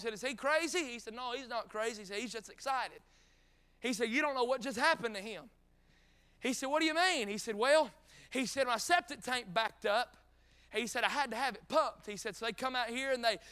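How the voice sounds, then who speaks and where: A man's voice: extremely high pitch, clean tone. A middle-aged man with a North Carolina Southern accent, preaching a folksy revival sermon full of stories and joking asides. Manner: folksy, joking asides, rising to shouted peaks.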